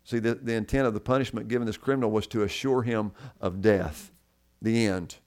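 A man's voice: on the low side, fairly even intonation, brisk, darkish tone. A man preaching a sermon as pastor, earnest and repeating key words for emphasis.

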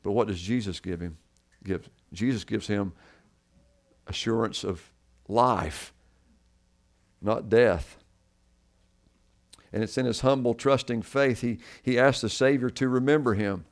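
A man's voice: fairly low pitch, unhurried, long pauses. A man preaching a sermon as pastor, earnest and repeating key words for emphasis.

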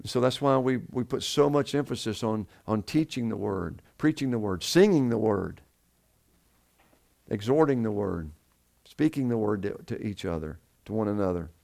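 A man's voice: fairly low pitch, lively intonation, moderate pace, creaky, a little mellow. A man preaching a sermon to his congregation, asking them questions and answering them himself. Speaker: pastor.

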